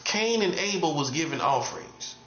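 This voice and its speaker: A man's voice: a little high, lively intonation, moderate pace, a bit bright, echoey room, lo-fi sound, slight background noise. A man preaching in a casual, street-talking way, repeating himself and laughing at his own jokes. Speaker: prophet. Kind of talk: informal preaching monologue.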